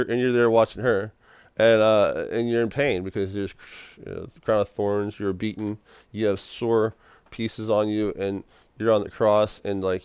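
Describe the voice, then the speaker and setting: A man's voice: lowish voice, darkish tone, clear, resonant tone, no room sound. A young man rambling through an emotional personal monologue in a small room, stammering and repeating his words. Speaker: vlogger.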